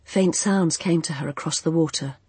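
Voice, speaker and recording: An audiobook narrator telling a fantasy story in a soft, unhurried, expressive way. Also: mid-range voice, breathy edge, no room sound.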